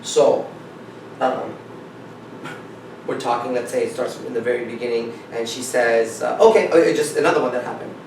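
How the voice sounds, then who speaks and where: A man's voice: medium pitch, fairly even intonation, normal speed, pauses often, distant mic, slight background noise. A man coaching on dating, telling a story emphatically and acting out both sides of the conversation. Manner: acts out dialogue, emphatic, repeats "I said". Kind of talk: animated storytelling talk. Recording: echoey room, speaker away from the mic.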